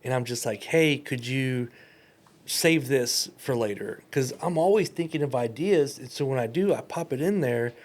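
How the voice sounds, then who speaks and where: A man's voice: mid-range voice, expressive, moderate pace. A man chatting as a podcast guest and brand coach, telling stories, acting out quoted dialogue and laughing often. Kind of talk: casual chat.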